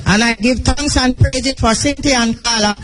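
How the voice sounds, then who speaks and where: A woman's voice: fairly high pitch, normal speed, soft background music. A Jamaican woman, a beach vendor, speaking plainly and gratefully to the crowd.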